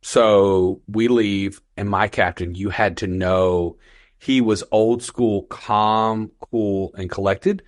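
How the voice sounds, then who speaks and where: A young firefighter man telling a call story on a podcast, animated, quoting people in raised voices. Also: on the low side, takes it slowly, no echo, studio quality. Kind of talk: casual storytelling.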